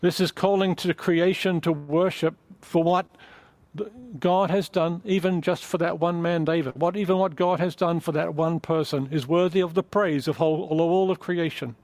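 A male preacher delivers an earnest, emphatic sermon, his voice sitting a little high for a man. He often restarts phrases as he teaches. The sound is dry and close, with no room echo. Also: fairly even intonation, moderate pace, darkish tone. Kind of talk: sermon with closing prayer.

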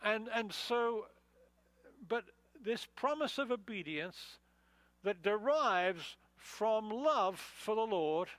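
Male pastor, high voice, dry close sound, chatty Bible teaching with frequent "uh"s. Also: expressive, slow pace, a bit bright, no room sound, poor audio. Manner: conversational, many fillers and restarts. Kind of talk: expository sermon.

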